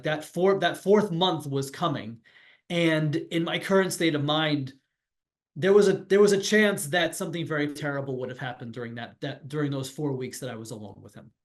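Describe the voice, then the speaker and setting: A middle-aged man on a video call, telling his own story candidly and reflectively, often restarting his sentences. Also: a little high. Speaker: pediatrician and webinar panelist. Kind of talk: personal account on a professional webinar.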